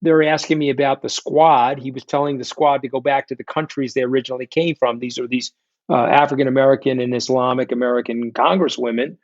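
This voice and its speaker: A man's voice: mid-range voice, fairly even intonation, fairly quick, dry recording. Man, middle-aged, blunt and profane, dull dry recording. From New York. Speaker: guest, fund founder. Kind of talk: candid storytelling interview.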